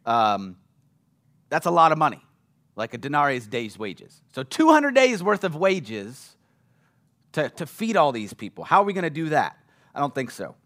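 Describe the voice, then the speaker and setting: A man preaching in an easygoing, conversational way, his voice sitting a little on the high side. He keeps checking in with the room as he talks and slips into lively voices for the people in the story. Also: moderate pace. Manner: chatty, often checks in with "right?", acts out quotes. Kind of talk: casual conversational sermon.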